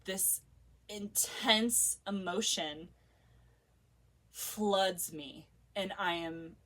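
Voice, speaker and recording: A woman's voice: mid-range voice, extremely slow, a bit bright, far from the mic. A woman vlogger telling a personal story in a casual, emotional, heartfelt way, full of filler words.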